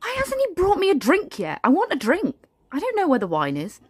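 A woman's voice: fairly low pitch, animated, a little fast, no room sound. Snobbish aristocrat mother, played by a woman, grumbling, dry close sound. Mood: disdainful. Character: haughty aristocratic mother at a kids' party. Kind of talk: comic sketch monologue.

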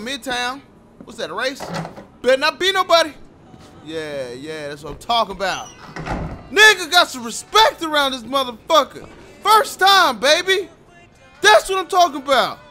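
A young man doing loud, profane commentary over a video game, cursing and breaking into sudden shouts at what happens on screen. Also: very high voice. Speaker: gaming commentator.

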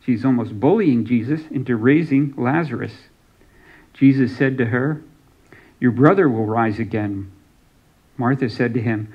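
A man's voice: medium pitch, measured pace, long pauses, breathy edge, dull audio. A man preaching a sermon as pastor, reading scripture aloud and giving some lines dramatic emphasis.

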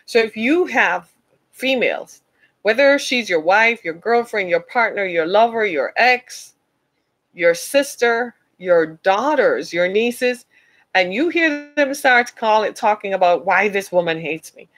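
A woman's voice: mid-range voice, animated, unhurried, fairly bright tone, rough recording. A woman giving an emphatic, preacher-like motivational talk to her listeners, calling them "y'all.". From United States. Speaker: speaker addressing listeners.

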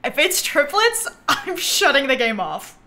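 A young woman live-streaming a life-sim game, excitable and laughing often, swinging between squeals and low mutters. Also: a little slow.

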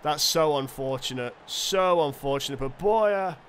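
Excitable male gamer narrating his football match over faint background noise. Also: fairly high pitch, measured pace. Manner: excitable, chatty, self-correcting. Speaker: gaming commentator. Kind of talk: casual game commentary.

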